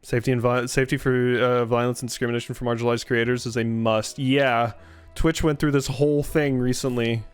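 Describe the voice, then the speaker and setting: A man's voice: mid-range voice, level tone, a little fast, clean tone, faint music behind. A man streaming a game live, chatting casually, reading lines of game dialogue aloud and swearing freely. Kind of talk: live gameplay commentary.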